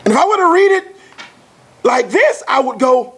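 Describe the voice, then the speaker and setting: A man giving a motivational lecture as a sales trainer, talking fast with a passionate, preacher-like delivery. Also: very high-pitched, sing-song, a bit bright, slight background noise. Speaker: sales trainer speaking at an academy.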